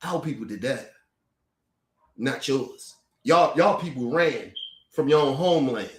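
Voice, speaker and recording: A man's voice: mid-range voice, lively intonation, measured pace. A man delivering a heated, confrontational rant to camera, cursing and repeating his words as he stumbles over them. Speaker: commentator. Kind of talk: angry profane rant to camera. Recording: echoey room.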